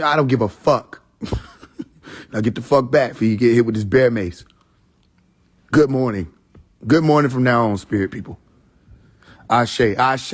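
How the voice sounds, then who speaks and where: A man hosting a casual livestream, ranting with lots of swearing and mocking laughter, swinging between loud outbursts and mutters. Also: mid-range voice. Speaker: livestream host. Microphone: phone.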